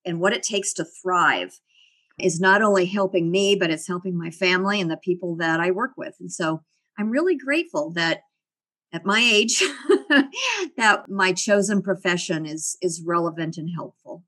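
A woman's voice: fairly low pitch, expressive, normal speed, fairly bright tone. A middle-aged woman, a guest in an interview, reflectively telling personal stories and laughing often. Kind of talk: casual interview storytelling.

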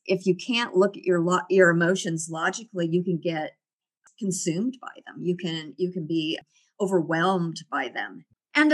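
A woman's voice: mid-range voice, fairly bright tone. Middle-aged woman, interview guest, reflective, laughs a lot. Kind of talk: casual interview conversation.

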